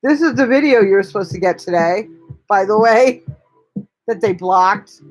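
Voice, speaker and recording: A woman's voice: mid-range voice, moderate pace, faint music behind. A woman hosting a casual live stream, talking bluntly and chattily with lots of swearing. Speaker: livestream host.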